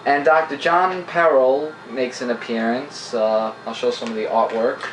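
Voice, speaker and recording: A man's voice: mid-range voice, fairly even intonation, normal speed, a little hiss or hum. A man co-hosting a casual comic book review, recapping the plot eagerly, rambling with many fillers. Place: indoor room with a camera. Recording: echoey room.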